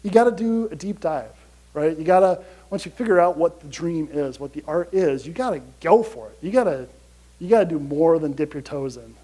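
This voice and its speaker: A man giving a motivational conference talk to an audience, energetic and chatty, often asking "right?". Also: fairly high pitch, brisk, low-quality recording. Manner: energetic, chatty, repeats "you gotta" and "right?". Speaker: conference speaker.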